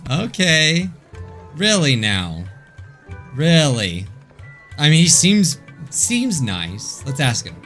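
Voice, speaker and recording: A young man narrates a video game playthrough with excitable, joking commentary. His voice sits a bit high and bounces around a lot, with faint game music behind him. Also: slow, long pauses. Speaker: gaming video host. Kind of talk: let's play commentary.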